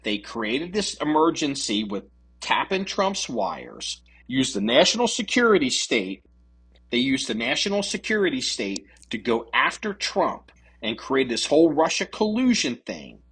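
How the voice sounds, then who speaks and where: Man, podcast co-host, casual political chat, profane, lively intonation, husky voice. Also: medium pitch, unhurried. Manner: profane, animated, mocking voices of others.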